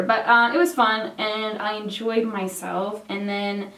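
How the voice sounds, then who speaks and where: A woman's voice: on the high side, unhurried, recorded from a distance. Chatty Canadian woman in an echoey room. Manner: chatty, lots of "like" fillers, swears casually. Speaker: beauty vlogger. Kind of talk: casual chat while doing makeup. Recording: roomy sound, mic set back.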